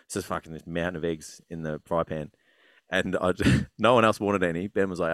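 A man's voice: low voice, smooth, no echo, clean studio sound. An Australian man telling stories on a podcast, swearing freely. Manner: rapid, swearing storyteller. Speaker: podcast co-host. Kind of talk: casual chat.

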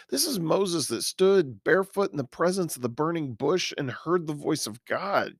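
A man who is a pastor, teaching a verse-by-verse Bible study in an earnest, explanatory way and pausing now and then to find his words. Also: a little high, sing-song, no room sound, clean studio sound.

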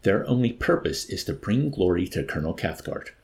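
A man's voice: sits low, big pitch swings, fairly quick, gravelly, a little mellow, exaggerated voice. A man voicing a meek, distressed army chaplain who pleads anxiously under questioning. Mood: earnest. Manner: pleading, anguished.

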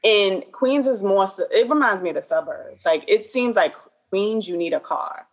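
New york woman chatting, lively and easygoing, mid voice. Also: medium pitch, moderate pace, poor audio. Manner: chatty, lively back-and-forth. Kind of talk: casual chat.

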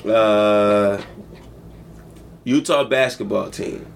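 A man's voice: on the low side, drawn-out words, vocal fry, a little hiss or hum. A man co-hosting a casual sports podcast, joking and cursing, slipping into mock voices. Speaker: podcast co-host.

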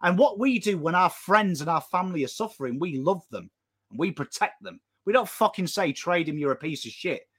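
An English man ranting as co-host of a football fan show, sweary and impassioned, swinging between shouting and low intensity. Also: expressive, a little fast, husky. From England. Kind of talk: fired-up fan rant.

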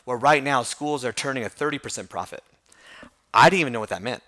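A man in an interview, a hair school franchise owner telling his story with self-deprecating humor. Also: medium pitch. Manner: fast, animated storytelling with self-deprecating laughs.

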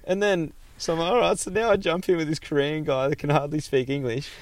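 A man's voice: a little high, fast talker, dry recording. Australian guy, thirties, loose storyteller, swears a lot and does the voices of people in his story. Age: 30s. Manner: animated, swears freely, acts out quoted voices. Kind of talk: casual storytelling chat.

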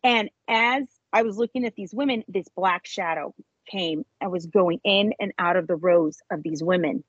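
A woman telling an emotional personal testimony as an interview guest, animated, her voice jumping high when she acts out moments. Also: normal speed, slightly rough, dry recording, dull audio. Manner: animated storyteller, voice jumps high when reenacting.

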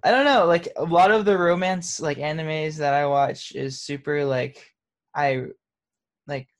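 A relaxed man with a gravelly, fry-heavy voice, talking casually in an interview. He drifts through his answers with lots of fillers and laughs easily. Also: a little high, unhurried. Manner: laid-back, laughs often, many fillers. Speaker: interviewed musician.

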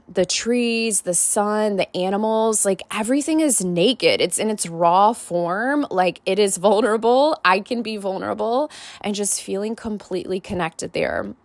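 A woman's voice: medium pitch, dry recording. A woman podcast host and life coach, telling a personal story in a casual, candid way, full of "like" and "right?".

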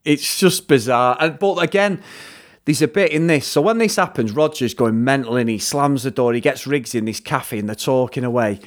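A man co-hosting a podcast, chatting about a film in a rambling way and retelling scenes with quick impressions. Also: mid-range voice. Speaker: podcast co-host. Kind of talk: casual film review chat.

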